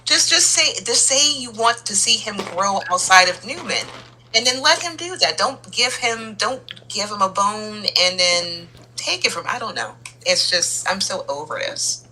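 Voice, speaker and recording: A woman's voice: medium pitch, animated, measured pace, sharp tone, poor audio. A woman co-hosting a casual soap opera recap chat, giving exasperated, opinionated takes.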